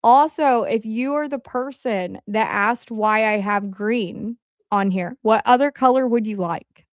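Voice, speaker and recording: Rambling woman livestream host, clear voice. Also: a little high, a little slow, dry recording. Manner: rambling, with frequent "um" fillers. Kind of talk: casual rambling livestream chat. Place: at home.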